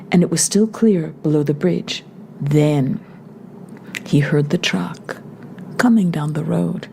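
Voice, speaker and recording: A woman reading a novel aloud in a steady, measured narration. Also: deep voice, a little hiss or hum. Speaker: audiobook reader.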